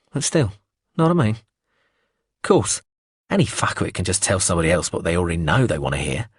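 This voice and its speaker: A man's voice: lowish voice, husky, no room sound, clean studio sound, heavily acted. A man reading as a swaggering sweary hustler. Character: cocky, foul-mouthed northern-born male hustler in London. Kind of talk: audiobook character reading.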